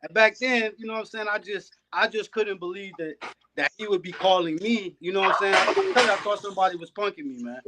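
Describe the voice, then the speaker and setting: A man, a guest on a podcast and a dog breeder, telling stories in a relaxed, casual way. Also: sits high, a little fast, very noisy. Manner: laid-back, peppers talk with "man". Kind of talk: casual storytelling chat.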